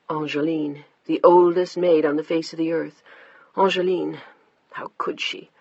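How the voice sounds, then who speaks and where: An audiobook narrator reading a novel in measured, even storytelling. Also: mid-range voice, slightly rough, no echo, dull audio. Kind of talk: scripted narration.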